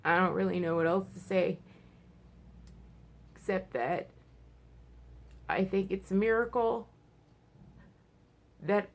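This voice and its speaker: Creaky, rambling woman vlogging at home. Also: mid-range voice, slow pace, long pauses. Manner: rambling, frank, many fillers and restarts. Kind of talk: casual personal vlog. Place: at home, indoors.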